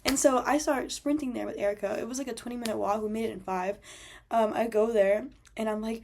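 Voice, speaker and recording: A woman's voice: a little high, quick pace, creaky, darkish tone, slight background noise. A young woman telling a travel story as a voice-over, chatty and full of fillers. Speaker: travel vlogger.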